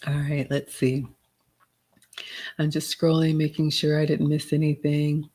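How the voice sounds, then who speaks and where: A middle-aged woman, hosting a live Q&A, reading out chat comments and giving gentle advice in a casual tone. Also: deep voice, little pitch movement, unhurried. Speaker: livestream host answering chat questions.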